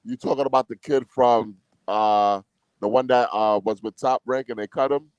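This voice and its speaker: A man calling in to a boxing chat, talking in a relaxed way and laughing easily. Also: mid-range voice, moderate pace, clean tone, no echo, highs cut off. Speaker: guest caller. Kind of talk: casual chat.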